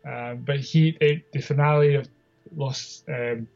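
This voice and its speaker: A man's voice: medium pitch, fairly even intonation, unhurried, gravelly, a little mellow, dull audio. A Scottish man co-hosting a podcast, rambling through his opinions in a casual, self-deprecating way. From Scotland. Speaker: podcast co-host.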